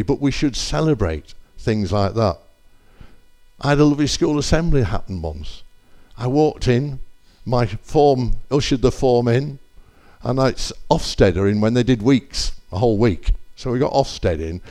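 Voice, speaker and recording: An older man shares testimony at a church gathering. His voice is lively and rises and falls a lot as he rambles through anecdotes. He often stops to correct himself. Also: mid-range voice, normal speed.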